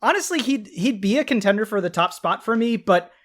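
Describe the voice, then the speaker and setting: Hesitant deadpan man on a comedy podcast. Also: high-pitched, a little fast. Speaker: podcast panelist. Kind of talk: casual comedic panel chat.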